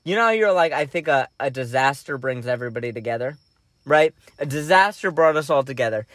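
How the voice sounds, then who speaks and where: A young man co-hosting a podcast, telling stories casually, with lots of laughter and loud acted-out quotes. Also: fairly quick, no echo, clean studio sound. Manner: animated, acts out quotes in loud high voices, laughs often. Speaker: podcast co-host. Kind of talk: casual storytelling chat.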